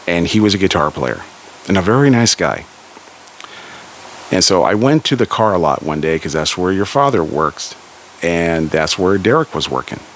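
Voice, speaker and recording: A man's voice: low-pitched, slight background noise, rough recording. A man from Southern California telling a story casually, relaying a conversation with frequent "he goes" and "she goes.".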